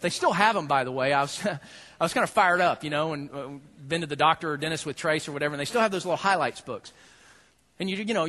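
A man, preaching a sermon in an animated storytelling way that swings from loud preaching to quiet asides. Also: a little high. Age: 30s. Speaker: pastor.

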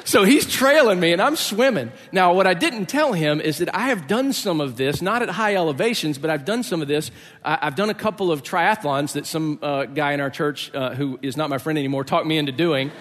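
A middle-aged man preaching a sermon, telling a story in lively fashion, acting out the voices and laughing along. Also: a little high, brisk, in a large hall. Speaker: pastor.

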